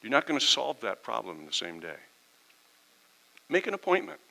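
A man's voice: mid-range voice, wildly swooping pitch, moderate pace, vocal fry, sharp tone, rough recording. A middle-aged pastor giving a conversational sermon, acting out quoted exchanges with his congregation.

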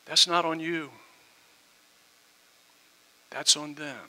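A middle-aged man preaching a sermon as a pastor, impassioned, moving between loud emphasis and hushed tones. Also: a little high, flat delivery, slow pace, poor audio.

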